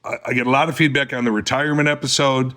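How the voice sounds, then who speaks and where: A middle-aged man chats as a podcast guest in a casual, storytelling way. His voice sits at an ordinary pitch. He talks about his work in an unhurried manner. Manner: storytelling, animated in anecdotes. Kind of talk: casual chat.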